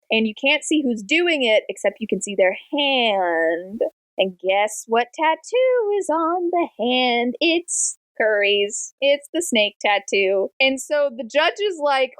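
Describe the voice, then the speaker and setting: A woman hosting a book club podcast, chatty and animated as she retells a plot. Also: a little high, a little slow, no echo. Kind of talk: casual book discussion.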